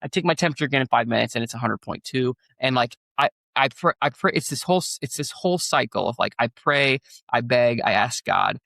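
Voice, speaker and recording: A man with a gravelly, mid-pitched voice tells a personal story on a podcast. He talks in an earnest, rambling way, full of fillers and restarts. The sound is dry and close. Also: lively intonation, quick pace, hardly any pauses, bright, forceful tone, dry recording. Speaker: pastor and guest.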